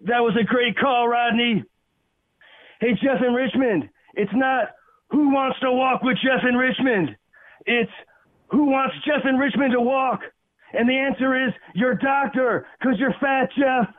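High-voiced man ranting on a phone call. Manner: mocking, fast roast delivery. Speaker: caller. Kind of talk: comedic rant call with singing.

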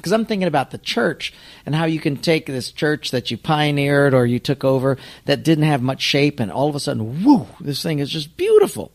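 A man who is a pastor, telling an anecdote in an animated storytelling manner. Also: fairly high pitch, moderate pace. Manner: animated, lively storyteller acting out voices.

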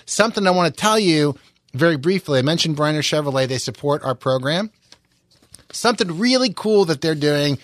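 A male talk radio host, his voice sitting a little high for a man. He chats in a friendly, rambling way, full of fillers and restarts. The studio sound is close and dry. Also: a bit bright, no echo. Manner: friendly, chatty, with frequent fillers. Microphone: studio microphone.

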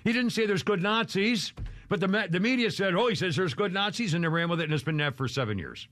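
His voice sits high and a bit bright, with lively intonation and a fast delivery. Hosting casual talk radio from a studio with video cameras, he speaks into a studio microphone, rambling opinionatedly and often breaking into laughter or mimicry.

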